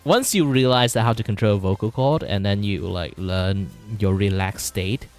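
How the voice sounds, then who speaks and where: A man's voice: on the low side, normal speed, soft background music. A man from Malaysia with a Malaysian English accent, chatting casually on his livestream in a rambling, filler-heavy way. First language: Mandarin. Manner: rambling, filler-heavy, shifts voice register to demonstrate. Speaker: vtuber streamer. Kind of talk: casual livestream chat while drawing.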